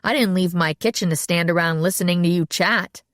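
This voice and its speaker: A woman's voice: lowish voice, brisk, dry recording, clean studio sound, lightly acted. A woman voicing a blunt, fiery female chef who speaks curtly and sharply. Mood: indignant. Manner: curt, sharp, sniping.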